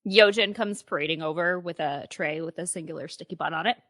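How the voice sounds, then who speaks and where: A woman player in a tabletop game, narrating her character's moves in a brisk, playful way. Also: lowish voice, fairly bright tone, dry recording, clean studio sound. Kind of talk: casual tabletop play.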